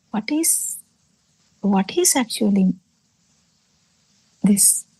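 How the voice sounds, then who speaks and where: A woman giving a Buddhist teaching over a video call, halting, with many pauses and fillers, often falling into soft breathy half-whispers. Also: medium pitch, dry recording, rough recording. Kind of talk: slow spoken dharma talk on a video call.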